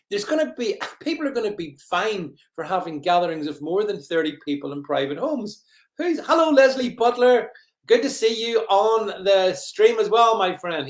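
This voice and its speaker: Mocking live-stream host, high-pitched male voice, rambling sarcasm, echoey room. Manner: rambling, mocking, greets viewers. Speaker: livestream host.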